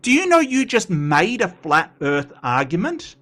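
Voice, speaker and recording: Man, fairly high voice, sarcastic, exasperated, reaction commentary. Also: wildly swooping pitch, a little slow, fairly bright tone. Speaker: commentary host reacting to a video.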